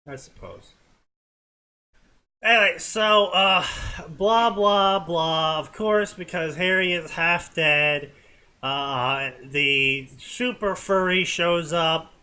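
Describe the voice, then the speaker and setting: A man co-hosting a comedy show, giving a deadpan, dismissive reading of fanfiction with commentary. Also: fairly high pitch, slow, clear, resonant tone. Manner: deadpan, dismissive, with many "blah, blah".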